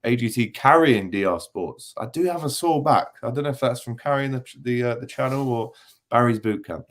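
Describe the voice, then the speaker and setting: A man's voice: mid-range voice, brisk. A young man hosting a casual football livestream, reading chat comments with jokey banter and lots of ums. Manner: chatty and jokey, many ums, teasing banter. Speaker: football channel host reading live chat.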